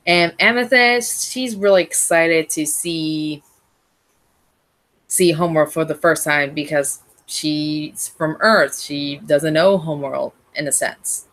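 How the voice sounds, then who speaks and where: A woman with a low, deep-set voice talks slowly through a casual fan recap of an episode. She rambles, breaks off mid-phrase and restarts as she goes. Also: a bit bright. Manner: rambling, with frequent restarts and self-corrections. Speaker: fan reviewer.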